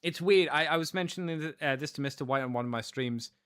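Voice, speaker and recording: A man's voice: a little high, fast, fairly bright tone, clean tone. A man co-hosting a podcast in casual chat, rambling with lots of fillers. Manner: rambling, with many fillers and restarts. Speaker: podcast co-host.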